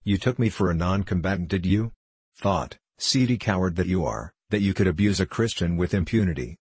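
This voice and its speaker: A man's voice: low voice, fairly quick, a little mellow, slightly rough, no echo. A man voicing an earnest Methodist preacher who pleads and sermonizes with righteous indignation in an old-fashioned storybook. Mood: indignant.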